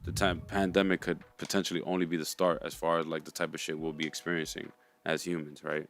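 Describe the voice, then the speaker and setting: A man co-hosting a livestream, talking in a relaxed, laid-back way as he steers the conversation. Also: extremely low pitch, quick pace. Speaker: co-host.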